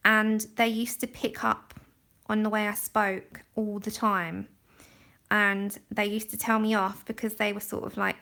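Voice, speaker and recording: A woman's voice: medium pitch, vocal fry, pushed and bright. A woman from London with a London accent, chatting casually and rambling a little as she colours on a livestream. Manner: chatty, rambling, laughs often. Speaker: livestream host. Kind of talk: casual chat while colouring. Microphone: phone.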